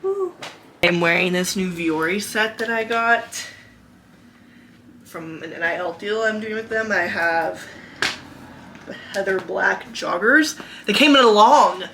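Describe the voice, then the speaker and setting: A woman's voice: mid-range voice, unhurried, long pauses, bright, forceful tone, a little hiss or hum, poor audio. A young woman chatting casually in a vlog, out of breath, rambling with lots of likes and restarts. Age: young adult. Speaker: vlogger.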